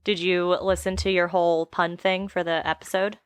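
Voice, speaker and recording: A young woman co-hosting a podcast, chatting casually and giggling through animated stories. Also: fairly low pitch, moderate pace, clear, resonant tone, no room sound, studio quality. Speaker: podcast co-host. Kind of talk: casual chat.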